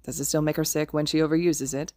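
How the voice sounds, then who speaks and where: Woman narrating a podfic, lowish voice, steady even read, dry close mic. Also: quick pace, no room sound. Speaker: podfic reader. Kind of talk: audiobook-style fiction narration.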